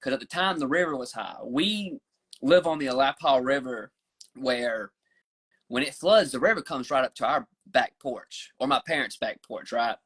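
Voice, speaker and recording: Fast-rambling Southern man swearing freely. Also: mid-range voice, a bit bright, breathy edge. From rural Southern US. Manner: profane, rambling storyteller with many restarts. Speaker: podcast guest. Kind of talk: casual podcast chat.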